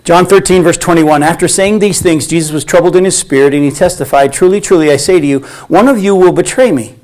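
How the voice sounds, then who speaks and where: A man leads a Bible study in sermon style, his voice pitched on the high side. He talks with animation and slips into the voices of the people he quotes. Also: darkish tone.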